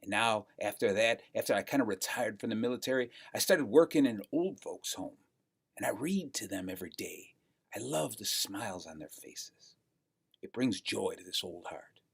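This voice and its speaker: A worn-out old talking dog sighs through his tall tales, as a man puts him on in a low, breathy half-whisper. The voice is husky and hushed, soft and sentimental, with a drooping lilt. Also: expressive, normal speed, exaggerated voice. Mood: wistful. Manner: soft, sighing, sentimental telling. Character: old weary male talking dog, boastful storyteller.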